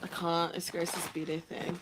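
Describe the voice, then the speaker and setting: A woman's voice: on the low side, flat delivery, a little slow, noisy background. An actress playing a chatty young woman who teases her friend. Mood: coaxing. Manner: teasing, giggly.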